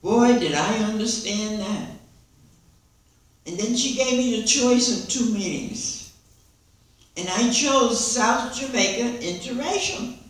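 An older woman giving a lively personal testimony to a meeting, acting out the dialogue as she tells it. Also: a little high, takes it slowly, pauses often. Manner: lively storyteller who acts out dialogue and laughs along. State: hard of hearing. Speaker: recovery meeting speaker. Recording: echoey hall recording from far off.

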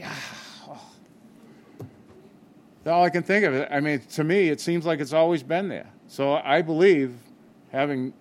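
A man's voice: medium pitch, slight background noise. An older man giving a personal recovery talk at a meeting, candid and self-mocking, often restarting his sentences.

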